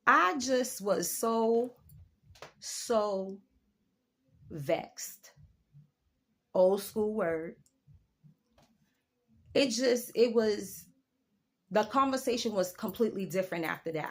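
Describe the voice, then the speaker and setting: A woman in her forties giving a casual opinion rant to her viewers, telling a story with emphatic, drawn-out delivery and big jumps in her voice. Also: medium pitch. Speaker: vlogger.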